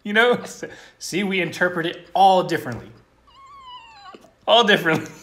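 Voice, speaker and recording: A woman's voice: fairly low pitch, animated, normal speed. A woman in a casual chat, chiming in with playful quips.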